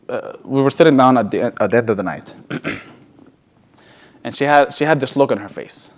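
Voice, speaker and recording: A man with a medium-pitched voice tells an emotional personal story at a sales event in a large event hall. He talks conversationally, often restarts his words, and drops into a soft, quiet voice.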